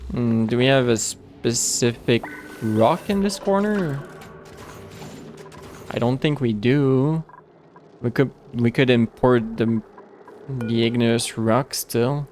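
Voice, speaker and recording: A man's voice: medium pitch, a little mellow, a little hiss or hum. A man streaming a game live, chatting casually and rambling with many restarts and fillers. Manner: rambling, halting with frequent restarts.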